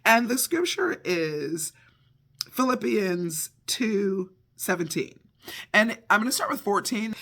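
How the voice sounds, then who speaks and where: A middle-aged man with a high, ringing voice gives a devotional talk. He tells his story in a lively, expressive way, acting out each scene as he goes. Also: slow pace. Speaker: devotional speaker.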